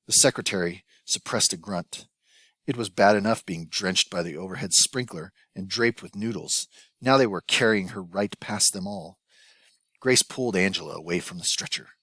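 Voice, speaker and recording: Low-voiced man narrating a novel. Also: normal speed, fairly bright tone, no echo. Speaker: audiobook narrator. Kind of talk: scripted narration.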